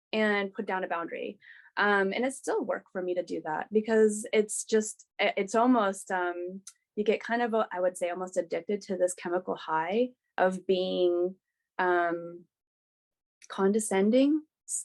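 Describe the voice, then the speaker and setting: A woman guest on a podcast, sharing a personal story in a candid, animated way with frequent restarts. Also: mid-range voice.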